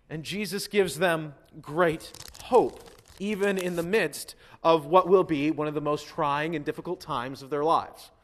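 A pastor with a high voice delivers a sermon at a moderate pace, animated throughout and performing the voices of biblical figures.

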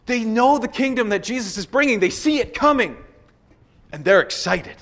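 A man preaching a sermon, animated and emphatic, repeating phrases and acting out what others say. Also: very high voice, normal speed. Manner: animated preaching, emphatic repetition, acts out quotes. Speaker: pastor.

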